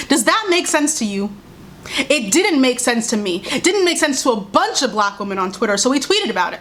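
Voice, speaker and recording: A woman's voice: on the high side, a little hiss or hum. Exasperated young woman ranting to camera. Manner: exasperated, sarcastic, animated, with mocking voices and laughs. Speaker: YouTube commentary creator. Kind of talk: casual commentary rant.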